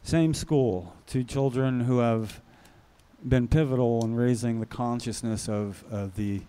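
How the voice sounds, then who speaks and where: An indignant man rants on a live political talk show. His voice is dark and mellow, pitched in an ordinary middle range. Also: fairly even intonation, unhurried, smooth. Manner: indignant, ranting.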